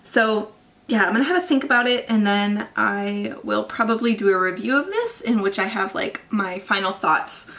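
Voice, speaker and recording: A woman's voice: medium pitch, moderate pace, vocal fry, fairly bright tone. A young woman chatting casually in a reading vlog, gushing and swearing lightly, with lots of "like" in her talk. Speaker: book vlogger. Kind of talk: casual chat.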